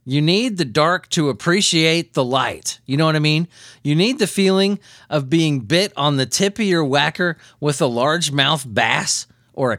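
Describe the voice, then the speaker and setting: A man's voice: a little high, a bit bright, no echo, studio quality. A man hosting a comedy news podcast, riffing on stories in a loose, profane, rambling way with frequent chuckles. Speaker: podcast host.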